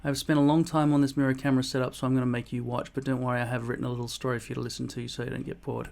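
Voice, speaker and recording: Racing through viewer comments over heavy background noise, a man replies in a mid-range, level, creaky voice. The vlogger's casual answers are blunt and mock-boastful, and he swears often.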